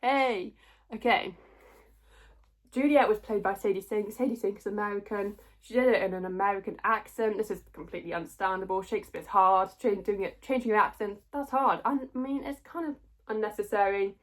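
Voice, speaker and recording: A woman's voice: medium pitch, brisk. A young woman giving a casual, rambling spoken review, often correcting herself and trailing off. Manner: rambling, self-correcting, chatty. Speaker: theatre reviewer.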